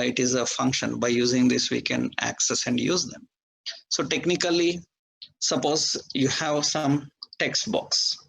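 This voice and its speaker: A man's voice: medium pitch, vocal fry, a bit bright, slight background noise, low-quality recording. A male programming instructor walking through code step by step in a live lesson, spelling out names letter by letter.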